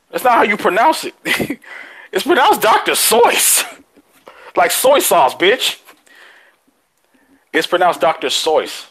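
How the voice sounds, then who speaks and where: A man co-hosting a casual podcast chat, excitable and quick to laugh, swearing freely as he rants. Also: a little high, poor audio. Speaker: podcast co-host.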